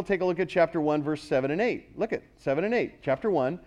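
High-voiced man preaching with emphasis. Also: fairly quick. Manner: emphatic preaching, swells louder and higher on key words; asks the congregation questions. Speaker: pastor. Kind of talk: sermon.

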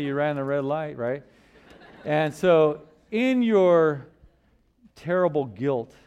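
A man preaching a sermon in church, asking rhetorical questions and swinging between loud emphasis and hushed lines. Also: mid-range voice, smooth.

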